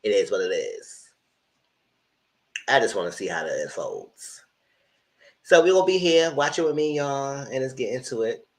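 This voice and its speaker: A man giving casual, animated commentary on reality TV, voice only, speaking straight to his viewers in slangy talk. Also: mid-range voice, moderate pace, long pauses, rough recording. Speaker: TV review host. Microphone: voice only, no camera.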